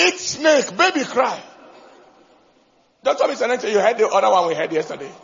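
A man preaching a sermon as pastor, animated, breaking into shouts and laughter. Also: high-pitched, normal speed, vocal fry, muffled recording.

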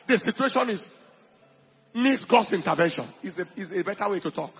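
Husky high-voiced male preacher. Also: animated, a little fast, muffled recording. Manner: preaching with rising emphatic bursts, quoting people dramatically. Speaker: pastor. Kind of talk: sermon.

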